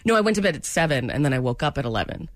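A woman's voice: low-pitched, big pitch swings, racing, no echo. A woman hosting a morning radio show from a studio, chatting and telling stories in a self-deprecating way. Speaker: radio host.

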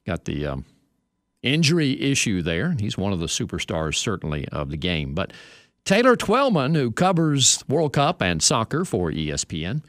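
Lively low-voiced sports radio host. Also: male voice, moderate pace, no echo, clean studio sound. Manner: chatty, reads news items with asides.

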